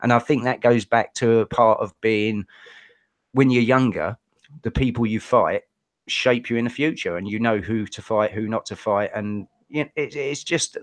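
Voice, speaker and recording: A man's voice: lowish voice, dry recording. A man with an English accent co-hosting a casual podcast and giving blunt opinions.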